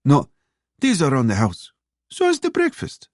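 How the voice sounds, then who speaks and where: A man voicing a kindly waitress in her late sixties, speaking high and soft with a Russian accent. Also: huge pitch swings, normal speed, dry recording, studio quality. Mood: fond. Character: kindly older woman diner waitress, motherly and warm.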